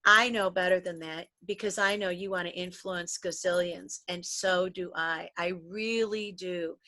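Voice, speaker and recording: A woman's voice: lowish voice, fairly even intonation, a little slow, pushed and bright. A middle-aged woman from the United States talks about wellness in an earnest, preachy tone. She often trips over and repeats her opening words before a sentence gets going. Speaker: podcast co-host, psychologist. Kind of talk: motivational wellness chat.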